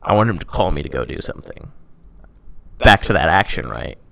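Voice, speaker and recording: Low gravelly young man, rambling chat. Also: lively intonation, a little fast, pushed and bright, no room sound. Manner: rambling, heavy use of "like", self-mocking. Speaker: podcast host telling his faith story. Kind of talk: casual chat.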